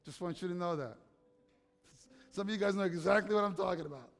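A man's voice: sits high, fast. A man preaching a sermon as pastor, telling stories conversationally and putting questions to the congregation. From United States. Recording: long hall reverb.

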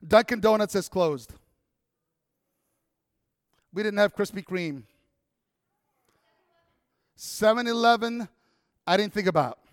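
A man preaching a sermon in a church, telling a story in a conversational, animated way that rises into excited bursts. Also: high voice, slow pace, pauses often, studio quality. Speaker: pastor. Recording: long church hall reverb.

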